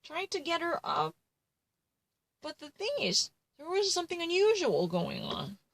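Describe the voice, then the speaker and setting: A woman's voice: very high-pitched, wildly swooping pitch, measured pace, vocal fry, low-quality recording. A woman retelling a true crime case in casual commentary, rambling and full of fillers and self-corrections.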